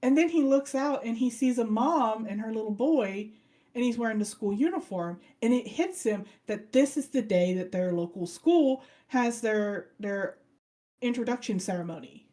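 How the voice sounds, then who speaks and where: Speaking at a moderate pace in a slightly high voice, this podcast co-host brings lively energy to retelling an anime's story. She performs the characters' lines herself as she goes.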